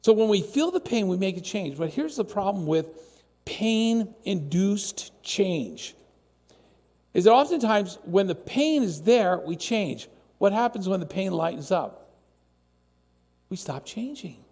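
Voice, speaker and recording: Male pastor, high animated preaching voice, big church-hall reverb. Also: a little slow. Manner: animated, acts out quoted voices. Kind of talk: sermon. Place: church sanctuary.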